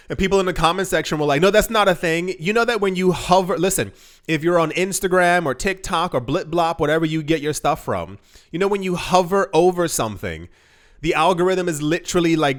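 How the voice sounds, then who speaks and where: A young man giving casual commentary to camera, rambling with many restarts and incredulous asides. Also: fairly high pitch. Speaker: crypto commentator.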